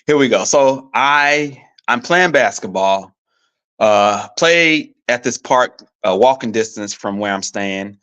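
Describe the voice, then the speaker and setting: A man's voice: mid-range voice, expressive, takes it slowly, fairly bright tone, clear, resonant tone, highs cut off. Chatty man hosting a live sports show. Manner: chatty, asks viewers for opinions, frequent ums. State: coughing, slightly rough throat. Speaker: podcast host. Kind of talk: casual live-show commentary. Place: staying abroad in Paris.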